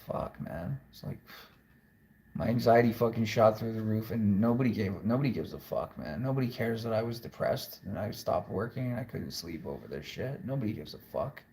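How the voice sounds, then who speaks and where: Gravelly, blunt man rambling. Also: lowish voice, animated, normal speed, dark tone. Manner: blunt, profane, wandering. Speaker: musician vlogger. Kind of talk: rambling confessional monologue.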